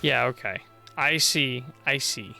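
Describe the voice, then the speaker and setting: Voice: mid-range voice, takes it slowly, gravelly, pushed and bright, faint music behind. A streamer casually chatting and thinking aloud while playing a game live. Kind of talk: live game playthrough chat.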